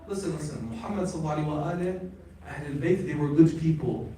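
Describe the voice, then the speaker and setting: A man's voice: on the high side, quick pace, dark tone, far from the mic. Emphatic man lecturing in an echoey hall. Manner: emphatic, calls out questions to the audience. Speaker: religious lecturer. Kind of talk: religious lecture to a live audience. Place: large hall at an Islamic center.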